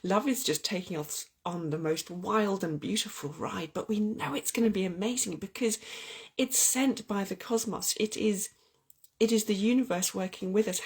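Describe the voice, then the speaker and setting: A woman's voice: medium pitch, a little mellow, breathy edge. A woman hosting an earnest, heartfelt spiritual chat about love and oracle cards, often restarting her sentences. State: getting weepy. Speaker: spiritual channel host.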